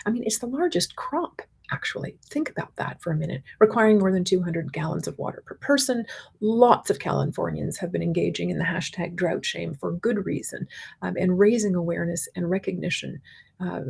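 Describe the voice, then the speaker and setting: A middle-aged woman and university professor giving a conference keynote lecture, articulate and measured, building her points in spoken lists. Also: fairly low pitch, gravelly, a little mellow, breathy edge.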